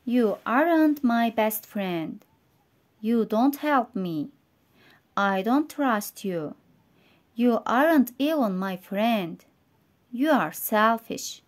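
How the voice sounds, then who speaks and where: A woman's voice: on the high side, animated. A woman reading as a boastful lion king. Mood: angry. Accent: Turkish. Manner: slow, careful storybook reading. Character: boastful male lion, self-styled king of the jungle.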